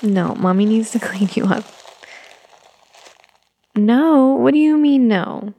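A woman playing a gentle, patient young mother who softly coaxes her toddler, in a whispered role-play. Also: medium pitch, steady tone, moderate pace, slight background noise, close to an everyday voice. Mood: soothing. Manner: soft, coaxing, motherly.

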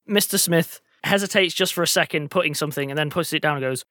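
A game master, narrating a tabletop game with quick jokes and frequent laughs. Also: mid-range voice, sharp tone, no echo, studio quality. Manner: quick joking asides, laughs often. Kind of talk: playful game narration and banter.

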